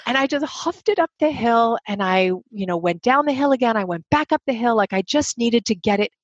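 A woman in her thirties tells a personal story with animated energy and jumps into the voices of the people in it. The sound is dry and close, with a slightly dull, muffled tone. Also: on the high side, a little fast, no echo. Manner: animated, acts out quoted voices. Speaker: guest telling her story.

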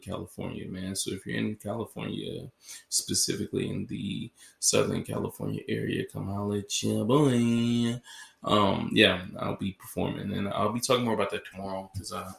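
Podcast host, male, gravelly and rambling, filler-heavy, recorded in an echoey room. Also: lowish voice. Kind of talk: casual closing monologue. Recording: roomy echo.

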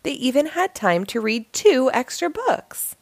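A woman hosting a storytime, reading a children's book aloud in a lively, expressive way. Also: high voice, a little slow, no echo. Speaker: storytime host.

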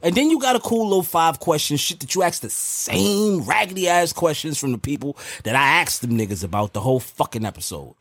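A man's voice: a little high, expressive, a little fast, few pauses, a bit bright, no room sound. A man co-hosting a podcast, in casual banter, ribbing his partner in a heated, profane way. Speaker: podcast co-host.

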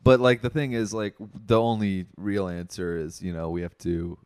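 A man hosting a casual podcast chat, delivering dry deadpan jokes. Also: deep voice, moderate pace, no echo.

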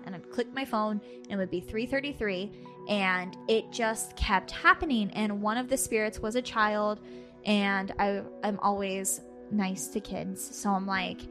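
A woman co-hosting a podcast, telling a personal story in casual chat. She laughs often and acts out her own past lines with lively energy. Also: mid-range voice, moderate pace, over music. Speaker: podcast co-host.

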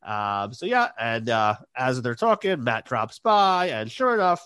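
A man's voice: mid-range voice, big pitch swings, unhurried, fairly bright tone, clear, resonant tone, no room sound. A man co-hosting a podcast, recapping an episode in a hesitant, filler-heavy way. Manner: hesitant, many fillers, recaps plot in quoted lines. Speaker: podcast co-host. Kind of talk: casual chat recapping a TV episode.

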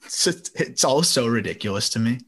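A man's voice: medium pitch, expressive, a bit bright, husky. Chatty male sports podcast host. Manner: chatty, laughs often, quick restarts. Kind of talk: casual sports podcast chat. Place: home during a summer thunderstorm.

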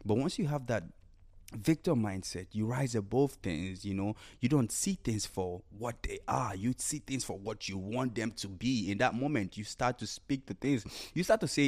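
A man with a fairly low voice hosts a solo podcast episode. He talks loosely and repeats himself for emphasis, and he often slips into acting out the thoughts people tell themselves. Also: moderate pace. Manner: animated, acts out quoted inner voices, repeats phrases. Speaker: podcast host.

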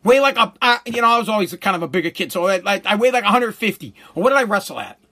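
A man's voice: high voice, animated, fast talker, sharp tone. Blunt, swearing man. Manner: blunt, rambling with many restarts and swearing. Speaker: show host. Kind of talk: profane storytelling monologue.

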